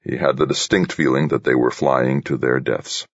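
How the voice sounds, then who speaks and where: Very deep, husky male narrator. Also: steady tone, normal speed, no echo, muffled recording. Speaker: audiobook narrator. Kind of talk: scripted narration.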